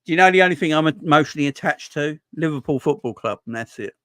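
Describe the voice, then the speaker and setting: A man's voice: fairly high pitch, expressive, fast talker, a bit bright, dry recording. A man hosting a casual football fan livestream, chatty and joking, often restarting his sentences. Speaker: fan channel host. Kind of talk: casual live stream chat.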